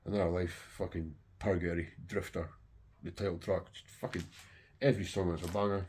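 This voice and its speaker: A man's voice: sits low, level tone, a little fast, a little mellow, a little hiss or hum. A middle-aged man and record collector chatting casually to camera, rambling and swearing heavily with enthusiasm.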